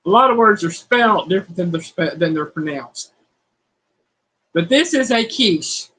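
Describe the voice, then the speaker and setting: A woman's voice: fairly low pitch, expressive, moderate pace, fairly bright tone, husky, low-quality recording. A woman hosting a home cooking livestream, chatting casually and reading viewer comments aloud. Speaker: cooking channel host.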